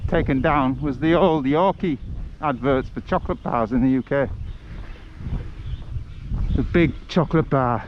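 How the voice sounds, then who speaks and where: A man's voice: fairly high pitch, muffled recording, slight background noise. A man chatting and joking while he livestreams a walk through the countryside. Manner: chatty, jokey storyteller who laughs at his own stories. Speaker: travel livestreamer. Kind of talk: casual chat on a livestreamed walk. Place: outdoors in the countryside.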